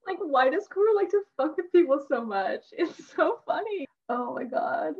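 A young woman co-hosting a podcast, chatting excitedly as a fan, laughing and filling her talk with "like". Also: high-pitched, moderate pace. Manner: excitable, laughing, heavy use of "like". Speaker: podcast co-host. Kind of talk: casual fan chat. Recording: dull lo-fi sound.

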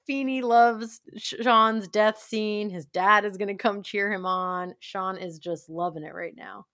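A woman co-hosting a podcast, casually recapping a TV episode in a chatty, relaxed way. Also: mid-range voice, unhurried. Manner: chatty, relaxed, uses lots of "like". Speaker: podcast co-host.

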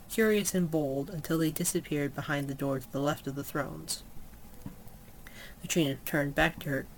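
A storyteller reads a fantasy tale aloud in an unhurried, mid-pitched voice, now and then stumbling and correcting a word. A faint hiss hangs behind the voice, as in a simple homemade recording. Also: low-quality recording. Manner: unhurried, with small slips and self-corrections.

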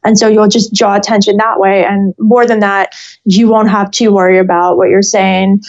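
A woman's voice: mid-range voice, flat delivery, normal speed, darkish tone, highs cut off. A young woman, a singer-songwriter guest, giving an earnest, flowing interview answer.

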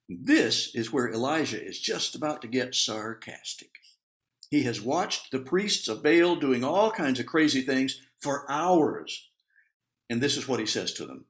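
A man preaches a sermon, reading scripture aloud and pausing to point out the funny side of the story. His pitch sits in the middle of the range but swings widely and expressively. He chuckles his way through the telling in an animated, good-humored manner.

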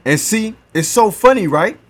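A man hosting a podcast, giving a slow, encouraging motivational talk and leading a breathing exercise, repeating his words. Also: sits high, animated, a bit bright. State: gasping for air at times. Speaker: podcast host.

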